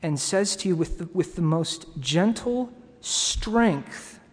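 A man preaching a sermon to his congregation, earnest and halting, with pauses and restarts. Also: high voice, expressive, breathy edge. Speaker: pastor. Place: church sanctuary. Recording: long reverb of a hall.

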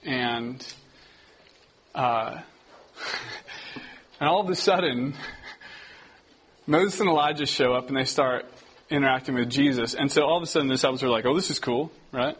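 A young man giving a casual, conversational sermon, often restarting his sentences and getting animated as he tells stories. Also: mid-range voice, normal speed, long pauses, breathy edge, poor audio. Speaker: preacher. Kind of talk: casual sermon to a youth group.

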